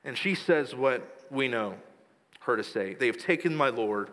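A man's voice: mid-range voice, animated, measured pace. Man preaching in a reverberant church hall. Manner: storytelling preacher, retells scripture scenes in a hushed voice. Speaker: pastor. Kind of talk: sermon.

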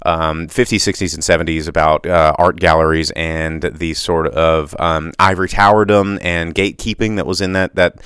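A man's voice: low voice, level tone, moderate pace, few pauses, a bit bright, clear, resonant tone, no echo, studio quality. A man hosting a solo podcast monologue, rambling passionately with many restarts and tangents. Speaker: podcast host.

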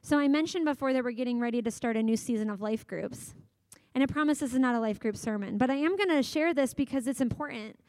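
Woman pastor in her 30s, pretty high voice, preaching like she's just chatting, dry close mic. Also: dry recording. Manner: conversational, animated storytelling with acted-out quotes. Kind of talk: sermon.

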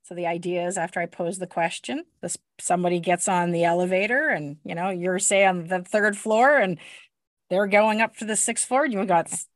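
A woman's voice: on the low side, steady tone, fairly quick, no echo, clean studio sound. A woman hosting a podcast, asking questions in an encouraging, affirming way. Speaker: podcast host. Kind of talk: casual interview chat.

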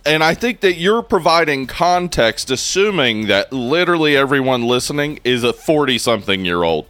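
Animated, joking man podcast co-host. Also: mid-range voice, normal speed, dry recording. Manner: joking, laughs often, swears. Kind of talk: casual podcast chat.

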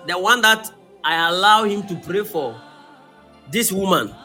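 A pastor preaches in a high, bright, ringing voice. He bursts into shouts and sings some phrases, with faint music under his sermon. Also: animated, a little slow, pauses often.

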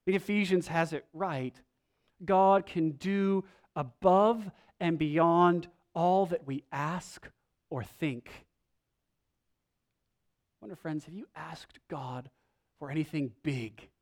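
A man preaching a sermon, reading scripture aloud and moving between emphatic lines and hushed ones. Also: on the high side. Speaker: pastor.

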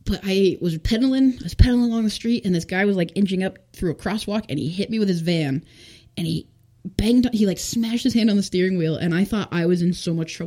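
A woman's voice: medium pitch, fast, warm tone. Chatty young woman telling her story. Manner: chatty, full of fillers, acts out quotes. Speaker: podcast guest. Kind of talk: casual testimony interview.

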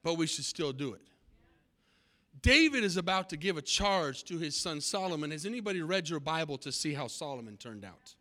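A man's voice: fairly high pitch, sing-song, brisk, sharp tone. An older man preaching a sermon, exhorting and addressing his congregation directly.

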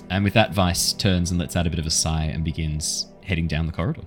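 A man narrating as dungeon master in a measured, descriptive way. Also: deep voice, fairly even intonation, faint music behind. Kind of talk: narrating a tabletop game.

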